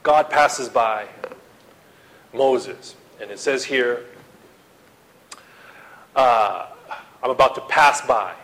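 A man preaching a sermon to his congregation, swinging from loud dramatic outbursts to hushed appeals and acting out the quotes he reads. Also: mid-range voice, very slow, long pauses, low-quality recording. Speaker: pastor.

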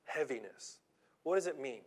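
A man preaching a sermon in a conversational storytelling way, with halting restarts and slow, deliberate emphasis on key phrases. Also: mid-range voice, expressive, a little mellow. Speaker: pastor.

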